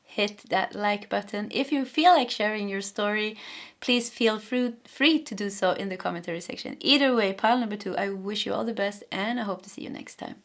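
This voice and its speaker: A Swedish-accented woman reads tarot cards for her viewers at a quick, high-energy clip. Her voice sits in an ordinary mid pitch, and she loops back over her own phrases as she goes. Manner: fast, energetic, repeats phrases. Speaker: tarot reader. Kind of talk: pick-a-card tarot reading.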